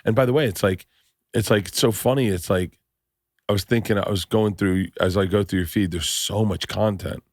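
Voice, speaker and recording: This is a middle-aged man with a lowish voice, talking with a guest on a podcast in a rambling, jokey way that gets excitable. He sounds dry and close to the mic, with no room around him. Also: normal speed, dry recording. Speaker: podcast host. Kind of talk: casual chat.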